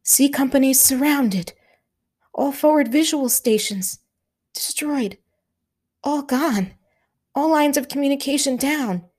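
A woman's voice: high-pitched, slow pace, pauses often, a little mellow, pitched above the performer's own voice. A woman voicing a grave male army officer who bellows urgently over the noise of battle. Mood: aghast.

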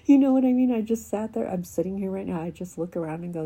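A woman with a crackly voice reads a devotional she wrote and then reflects on it, heartfelt and halting, sometimes sinking to a soft whisper. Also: medium pitch, lively intonation, breathy edge. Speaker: devotional writer.

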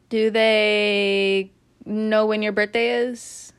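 A woman giving a casual spoken tarot reading, chatty and animated, often breaking into laughter, recorded indoors at home. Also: medium pitch, slow pace, clear, resonant tone. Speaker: tarot reader.

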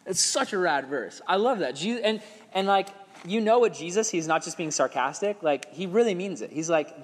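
A young man preaching to a youth group in a relaxed, slangy way. His voice sits a little high, and he often drops into playful crowd voices. The sound carries a long reverb, as in a hall. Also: normal speed. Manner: laid-back, slangy, says "like" often, acts out crowd voices. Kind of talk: casual sermon to a youth group.

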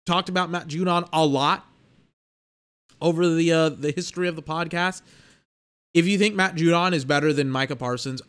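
Blunt, animated young man ranting. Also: high voice. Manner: animated, blunt, exasperated rants with slang. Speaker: podcast host. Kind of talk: casual sports podcast monologue.

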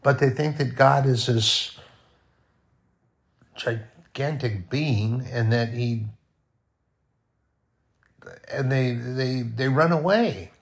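A man preaching in a loose, conversational way, his mid-pitched voice rough with gravel. He often sinks almost to a hush to make a point. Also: very slow, pauses often. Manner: conversational, with sudden soft drops to near-quiet. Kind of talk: informal sermon.

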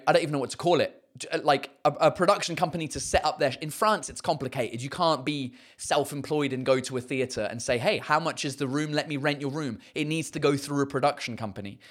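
Medium-pitched and brisk, a comedian and host goes through viewer comments on a live stream. His chat is loose and rambling, padded with fillers and an occasional curse.

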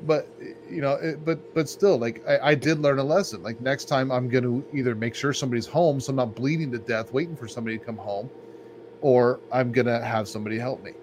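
A man's voice: mid-range voice, a little fast, a little mellow. A man co-hosting a podcast, telling stories in a laid-back, rambling way full of "like". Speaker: podcast co-host. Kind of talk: casual podcast chat. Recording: faint background noise.

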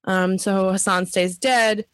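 A woman's voice: medium pitch, fairly even intonation, slow pace, no echo. Giggly woman recapping a TV show. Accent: strong regional American accent. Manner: giggly, chatty, self-interrupting. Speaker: podcast co-host. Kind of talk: casual chat, recapping a TV episode.

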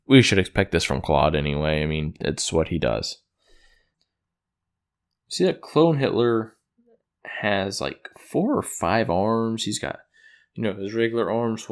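A man with a somewhat low voice retells a plot in a loose, unscripted way. He rambles, corrects his own slips, and chuckles at what he is describing. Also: a little slow. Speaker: episode recapper. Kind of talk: casual plot recap.

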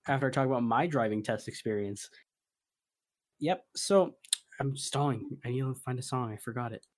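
A young man, a podcast co-host, in casual chat, relaxed and joking as he rambles through a story. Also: medium pitch, moderate pace.

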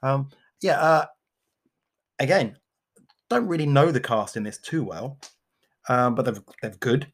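A man's voice: mid-range voice, expressive, measured pace, pauses often. A man with a Cockney accent co-hosting a casual podcast, chatting about TV shows with teasing, jokey banter. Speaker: podcast co-host. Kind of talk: casual chat.

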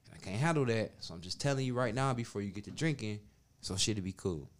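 A man telling a crude story in casual chat, laughing loudly now and then. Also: fairly low pitch, animated, fast. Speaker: podcast storyteller.

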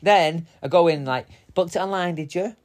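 A man's voice: on the high side, normal speed. A young man co-hosting a casual chat podcast, telling stories with energy, acting out both sides of conversations, laughing often and swearing freely. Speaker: podcast co-host.

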